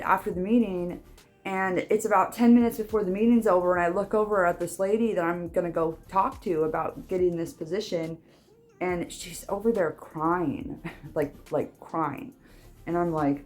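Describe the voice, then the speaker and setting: Young woman rambling thru a vlog, kinda low voice, faint music behind. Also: normal speed, a little mellow. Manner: chatty, rambling, with many restarts and fillers. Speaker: vlogger. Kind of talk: casual vlog chat.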